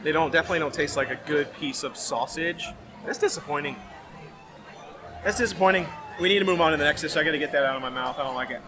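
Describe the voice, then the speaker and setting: A man's voice: on the high side, fast talker, crowd noise, background noise. A man vlogging casually outdoors as he tastes food, rambling and hesitant with many fillers. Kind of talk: casual food-tasting chat. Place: outdoor festival.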